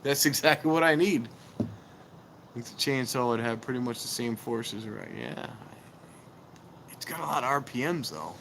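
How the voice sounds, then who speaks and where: A man's voice: mid-range voice, big pitch swings, moderate pace, vocal fry, pauses often, noisy background. A middle-aged man chatting casually on a live stream, telling rambling, self-mocking stories outdoors.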